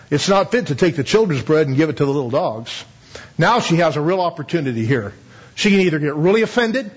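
A man with a high, slightly husky voice preaches a sermon. He talks to the congregation like a conversation, throws out rhetorical questions and chuckles as he goes. The recording sounds a little dull. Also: lively intonation, fast talker.

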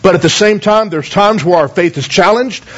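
A man's voice: sits high, normal speed, husky. A man, a pastor, reading scripture, praying and preaching to a congregation, earnestly asking them questions and often repeating words as he goes. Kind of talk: sermon with scripture reading and prayer. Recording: dull lo-fi recording.

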